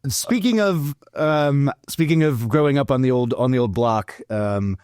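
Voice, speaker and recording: A man co-hosting a casual podcast chat, rambling and animated, with frequent restarts. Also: medium pitch, measured pace, clear, resonant tone, dry recording, clean studio sound. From California. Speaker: podcast co-host.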